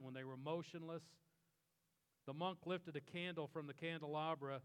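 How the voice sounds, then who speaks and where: A middle-aged man preaching a sermon as a pastor, telling stories in an earnest way and slowing down for emphasis. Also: fairly high pitch, fairly bright tone, smooth, big-room sound. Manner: earnest storytelling, slows for emphasis.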